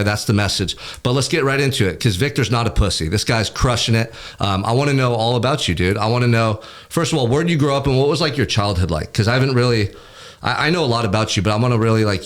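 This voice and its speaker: A man hosting a podcast from a recording studio, introducing his guest in a fired-up, motivational way and swearing bluntly. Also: medium pitch. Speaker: podcast host.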